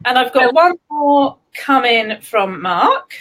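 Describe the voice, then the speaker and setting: A woman's voice: sits high, sing-song, slow, fairly bright tone. A woman hosting a casual live chat, chatty and laughing, with many ums. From England. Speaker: host.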